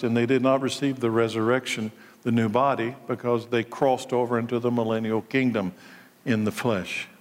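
Guy preaching a sermon, mid-pitched voice, pounding on questions, big echoey church hall. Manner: emphatic preaching with rhetorical questions. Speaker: pastor. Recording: long reverb of a large hall.

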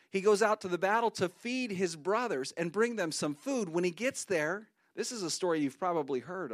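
Man, high voice, pastor, animated sermon storytelling, dry close sound. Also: no echo. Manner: animated storytelling, acts out quotes.

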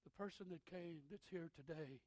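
A middle-aged man preaching a sermon, swinging from shouted preaching to hushed intensity, with a gravelly voice. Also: fairly high pitch, moderate pace, no room sound. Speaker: pastor.

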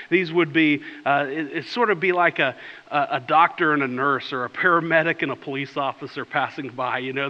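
A middle-aged man preaching a sermon, telling a personal story with repeated words and fillers. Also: fairly high pitch. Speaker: pastor. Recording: dull sound with long hall reverb.

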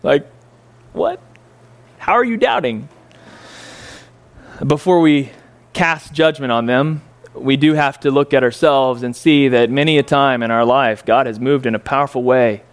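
A man teaching a Bible story in a casual, conversational way, full of rhetorical questions and fillers, swinging from incredulous highs to quiet reflection. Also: measured pace, long pauses.

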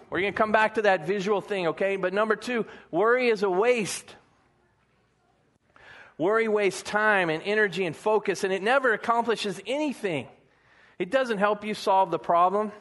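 A man's voice: high voice, a bit bright. A man preaching a conversational sermon, mixing humor with earnest encouragement. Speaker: pastor.

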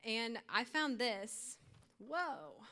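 A woman's voice: mid-range voice, moderate pace, a bit bright. A young woman giving an earnest, informal youth sermon to her church group, with light laughs. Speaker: youth speaker.

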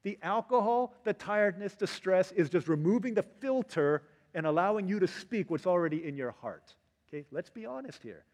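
A husky, slightly high-voiced male pastor delivers a lively sermon, slipping into voices to act out the quotes he tells. His words ring out with a long reverb, as in a large church hall. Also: moderate pace. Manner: animated, acts out quotes in varied voices.

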